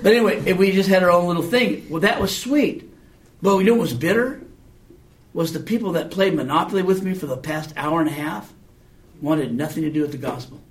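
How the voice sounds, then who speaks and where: A man's voice: a little high, brisk. A man teaching a Bible class in a casual, conversational way, often checking in with his students through questions. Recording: echoey room, mic far off.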